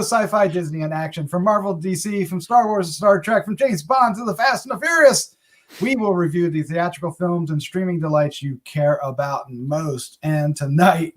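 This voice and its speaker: A cheerful man hosts a casual movie review podcast, laughing often between his lines. His voice sits slightly higher than most men's. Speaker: podcast host.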